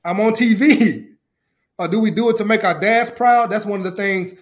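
A man with a fairly high voice tells a faith story as a podcast guest. He talks with excitement and emotion, circling back to the same phrases the way a preacher does. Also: moderate pace. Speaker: youth coach. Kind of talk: testimony-style storytelling.

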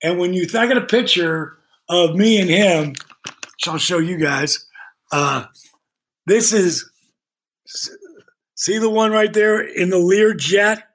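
A man's voice: sits high, takes it slowly, pauses often. A man guesting on a podcast, telling casual stories with lots of swearing and acted-out dialogue. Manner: animated, swears freely, acts out dialogue. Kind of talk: casual storytelling.

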